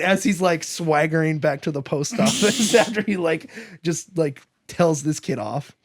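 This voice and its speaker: A man's voice: on the high side, a little slow, creaky, few pauses, husky, no echo, clean studio sound. Man animatedly recapping a film. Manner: animated retelling, acting out characters' lines in raised voices. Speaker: podcast host.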